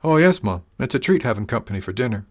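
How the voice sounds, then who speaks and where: A man voicing an eager little boy who speaks in an excited, breathless way. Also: mid-range voice, fast, voice pushed up, close to an everyday voice.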